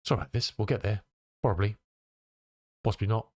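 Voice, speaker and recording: A man's voice: lowish voice, steady tone, quick pace, a little mellow, no room sound. A male streamer chatting casually with his viewers, muttering to himself as he tinkers and answering chat messages.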